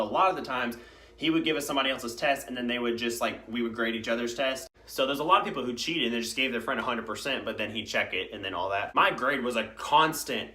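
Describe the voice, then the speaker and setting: A young man, telling high school stories in a rambling, casual vlog. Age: young adult. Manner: rambling, filler-heavy, animated storytelling. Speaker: vlogger.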